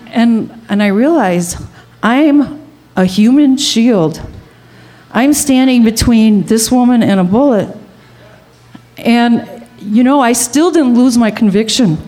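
Onstage at a live storytelling event, a woman recounts something from her own life, playing the people in the story and raising her pitch and volume at tense points.

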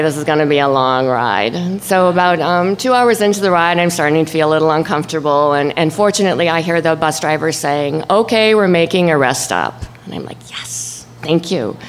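A woman telling a true story live on stage. She is animated and acts out voices and shouts, swinging from low murmurs up to high cries. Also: a little fast, slight background noise. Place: stage before an audience.

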